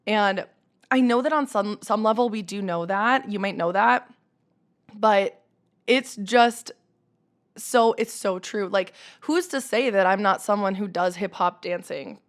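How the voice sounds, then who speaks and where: A young woman hosts her own podcast and rambles through a casual solo monologue. She sits at a middle pitch and speaks in an animated, chatty way. She laughs easily and drops in "like" all the time. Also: unhurried. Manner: chatty and animated, laughs often, many fillers like "like". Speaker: podcast host.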